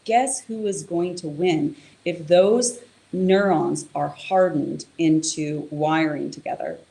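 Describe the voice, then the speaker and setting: A yoga and meditation teacher explains things casually and tells a story in a low, creaky, dark-toned voice. She's chatty, using fillers and acting out quotes.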